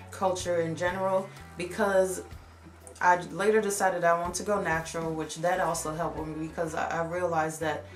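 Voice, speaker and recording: A young American woman vlogger tells a personal story candidly and reflectively, growing animated as she retells it. Her voice is low-pitched, and the room sounds echoey.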